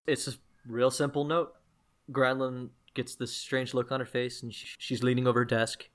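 A man narrating a tabletop game as game master, casual and quick to laugh. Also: mid-range voice, level tone.

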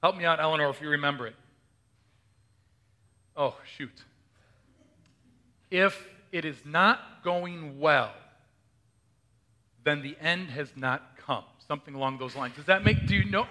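A man's voice: a little high, a little slow, pauses often, pushed and bright. A male pastor giving a conversational sermon, reading scripture aloud and often asking the congregation questions.

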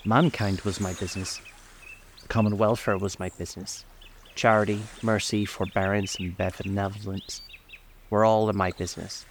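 A grieving, chain-bound spectre of an old businessman, as a man puts him on. He speaks in a very deep, low voice, solemn and heavy with regret. Faint birdsong and outdoor sounds drift in behind. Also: little pitch movement, normal speed, slight background noise, lightly acted. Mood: grave. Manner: solemn, grave and lamenting.

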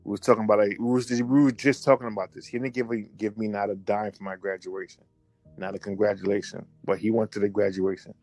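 A man's voice: on the low side, fast talker, no echo, soft background music. A man telling a personal story in a casual way. He talks animatedly and often repeats himself and starts his sentences over. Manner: animated, repetitive, restarts and self-corrections. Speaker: storyteller recounting a memory.

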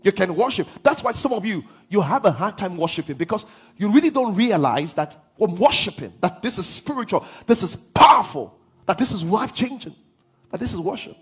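A man preaching a sermon as pastor, swinging from hushed lines to half-sung shouts. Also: high-pitched, very animated, brisk, breathy edge.

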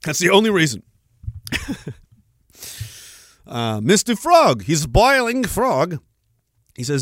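A man's voice: on the high side, sing-song, a little slow, long pauses, fairly bright tone, dry recording, studio quality. A man in his thirties hosting a solo podcast, ranting in a rambling, profane, self-mocking way. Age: 30s. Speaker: podcast host.

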